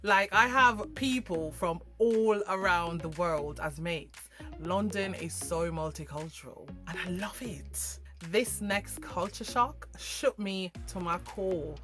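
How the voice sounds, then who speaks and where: A woman's voice: lowish voice, takes it slowly. Jamaican woman, vlogger, casual chat to camera, emphatic, slangy asides, faint background music.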